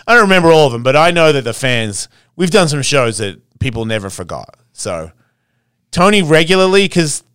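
Australian man, podcast guest, blunt and profane, smooth resonant voice, dry close sound. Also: a little high, sing-song, fairly quick, a bit bright, no room sound. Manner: blunt, swears freely, laughs often. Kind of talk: casual interview chat.

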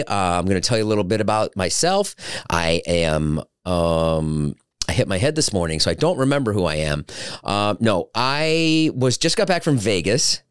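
A man's voice: mid-range voice, no room sound. A man in his fifties hosting a solo podcast in a casual, rambling way, joking and poking fun at himself. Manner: joking, rambling, self-mocking. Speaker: podcast host.

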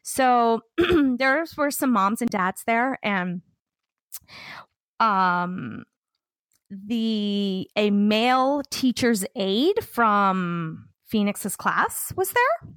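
A woman's voice: medium pitch, very slow, dry recording. A woman in her thirties co-hosting a podcast, chatting casually and telling funny stories about her kids with frequent laughter. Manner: animated storyteller, laughs often. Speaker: podcast co-host. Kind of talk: casual chat.

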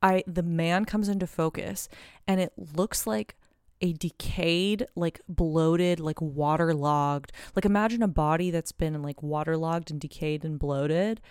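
Podcast co-host on a video call: a woman with a smooth, lower voice telling a story in a lively, rambling way, with a dry sound. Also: a little slow, no room sound. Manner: animated, swearing, many fillers. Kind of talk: casual storytelling chat.

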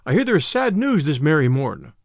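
A jolly, mocking outlaw , as a storyteller voices him, calling out and jesting in archaic words from a storybook. His voice leaps high with glee and sits fairly high overall, recorded close and dry. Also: very animated, fairly quick, creaky, no echo, exaggerated voice. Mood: teasing. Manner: jovial, mocking archaic speech. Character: merry, teasing male outlaw, young adult.

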